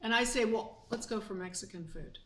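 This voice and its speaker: A woman's voice: mid-range voice, fairly quick. Woman host chatting away with her husband, roomy echo. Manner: chatty, acts out little dialogues. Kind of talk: casual chat. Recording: echoey room, mic at a distance.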